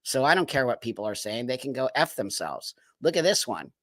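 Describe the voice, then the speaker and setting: A man's voice: mid-range voice, very animated, brisk, fairly bright tone, no echo, clean studio sound. A man hosting a live stream, giving emphatic, indignant commentary with many rhetorical questions. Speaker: livestream host.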